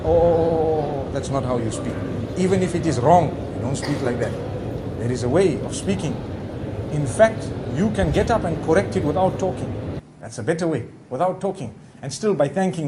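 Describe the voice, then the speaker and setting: A man giving a conversational Islamic sermon, talking directly to his listeners in a relaxed way with frequent asides. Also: a little high, normal speed, a little hiss or hum. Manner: relaxed, talks directly to the audience with frequent "you know". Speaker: Islamic preacher.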